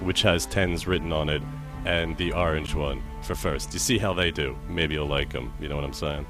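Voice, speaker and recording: A man running a tabletop game as dungeon master, chatty and quick with asides, often laughing. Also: rumbling low, steady tone, fairly bright tone, faint music behind. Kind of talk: narrating a tabletop game on a livestream.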